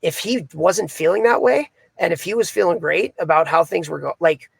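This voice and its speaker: Gravelly-voiced man telling a coaching story. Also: a little high, normal speed. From Canada. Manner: casual, filler-heavy, retelling conversations. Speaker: hockey coach, podcast co-host. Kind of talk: casual storytelling chat.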